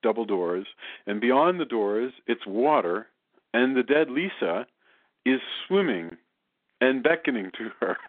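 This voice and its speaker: A man chatting about movies with lively enthusiasm, tripping over his own restarts. His voice sits at an ordinary pitch. The sound is dry and narrow, like a phone line. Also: unhurried, no room sound. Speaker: podcast cohost. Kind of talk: casual film review chat.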